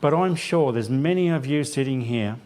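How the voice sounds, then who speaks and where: A man's voice: mid-range voice, lively intonation, normal speed, darkish tone. A man giving a church sermon as a lay preacher, telling a self-deprecating personal story with quoted dialogue. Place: church sanctuary.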